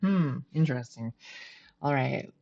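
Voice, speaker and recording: A woman's voice: a bass voice, lively intonation, a little slow, creaky, dark tone, muffled recording. A middle-aged woman streaming a game from home, chatting casually, laughing often and poking fun at herself. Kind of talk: casual gameplay commentary.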